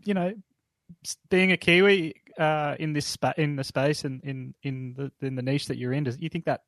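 A man's voice: a little high, fairly even intonation, normal speed, a bit bright, no room sound. A man with a mid-range voice co-hosting a casual interview. He is playful and teasing, chiming in with jokes.

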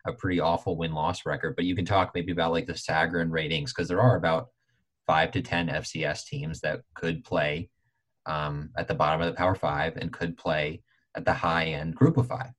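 Deep-voiced, husky young man, heated. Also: moderate pace, low-quality recording. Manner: animated, heated opinions with frequent filler "like"; jumps up in pitch when stressing a point. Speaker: podcast co-host. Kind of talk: casual sports chat.

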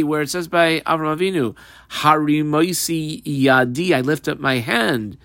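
A man's voice: a little high, a little slow, fairly bright tone, no room sound, clean studio sound. A man teaching a Talmud class, reading Aramaic phrases and explaining them in English with many fillers.

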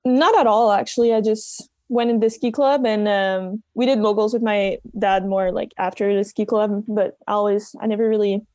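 A woman's voice: medium pitch, moderate pace, hardly any pauses, dry recording, clean studio sound. Young woman chatting casually. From Quebec, Canada. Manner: relaxed and friendly, with filler words. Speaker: guest athlete. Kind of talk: casual interview chat.

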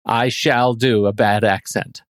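A man's voice: mid-range voice, unhurried, no room sound, studio quality. A man co-hosting a film podcast, chatting casually in a playful, joking way. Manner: playful, jokey, animated. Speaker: podcast co-host. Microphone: studio microphone.

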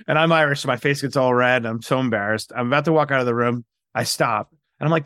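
A man in his forties from New York, a guest entrepreneur telling his life story in an interview, animated and acting out dialogue. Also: mid-range voice, fast talker, no echo, clean studio sound. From New York, USA. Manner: animated, acts out quoted dialogue.

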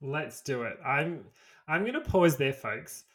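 A man's voice: on the high side, animated, measured pace, slightly rough. An Australian man co-hosting a podcast, reading a history story aloud and dropping into casual, sweary banter. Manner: storytelling read with swearing asides. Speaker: podcast co-host.

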